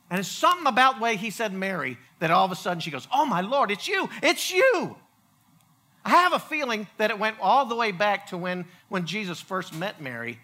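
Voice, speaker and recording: A male preacher giving a humorous storytelling sermon, animated and joking, often stumbling and restarting his sentences. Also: high voice.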